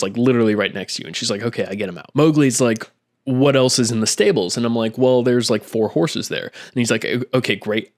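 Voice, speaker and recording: A man who ran a tabletop game, chattily retelling the session into his own microphone and acting out what the players said. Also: on the low side. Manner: chatty, acts out quotes with frequent "I'm like". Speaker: game master. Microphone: own microphone at a desk.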